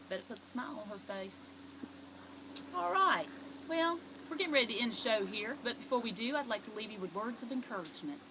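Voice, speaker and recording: A middle-aged woman with a Southern US accent, hosting a comedic talk show monologue in a folksy, animated storytelling manner. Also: a little high, slight background noise, poor audio. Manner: folksy, animated storytelling with sudden loud outbursts.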